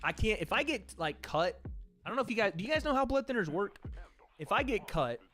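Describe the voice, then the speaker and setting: A man's voice: sits high, big pitch swings, a little fast, bright, forceful tone, faint music behind. A young man from the American South chatting casually on a livestream, reading donations and trailing off with laughs. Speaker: streamer hosting a watch party.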